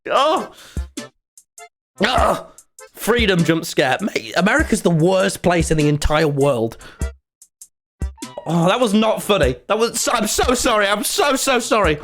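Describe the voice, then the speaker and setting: A young man, telling a rambling, animated story to his live-stream chat and swearing freely. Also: sits high, measured pace, long pauses, soft background music. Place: home streaming room.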